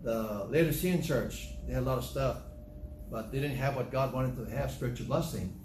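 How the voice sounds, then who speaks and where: A man preaching a sermon, reading scripture slowly and stressing words by repeating them. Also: medium pitch. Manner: emphatic, repeats phrases, reads scripture slowly. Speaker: pastor. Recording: echoey room with faint noise.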